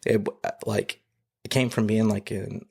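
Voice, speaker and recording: A man shares a personal testimony in a low, flat, gravelly voice with a husky edge. He talks haltingly, full of fillers and restarts, and he is close to tears. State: emotional, near tears. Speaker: podcast guest.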